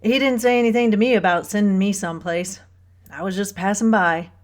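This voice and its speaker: A woman's voice: mid-range voice, fairly even intonation, fairly quick, lightly acted. A woman voicing an easygoing, cheerful drifter of a grown man, talking in a breezy, offhand way.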